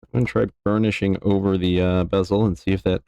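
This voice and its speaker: A man's voice: sits low, little pitch movement, fast, warm tone, clear, resonant tone, no room sound. A man chatting casually on a live stream from his jewelry workbench, easygoing and rambling as he thanks viewers. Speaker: jeweler streaming bench work.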